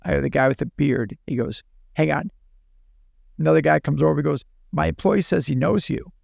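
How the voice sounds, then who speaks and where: A man with a gravelly, fairly high voice tells a story as a podcast guest. He acts out each exchange in quick animated bursts. The mic is close and dry. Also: dry recording. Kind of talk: casual storytelling.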